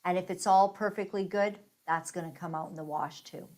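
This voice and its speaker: A woman's voice: lowish voice, fairly even intonation, fairly quick, darkish tone. A woman hosting a casual talk show, chatting conversationally as she leads the discussion and cues up clips. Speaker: host. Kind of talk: casual chat reacting to clips.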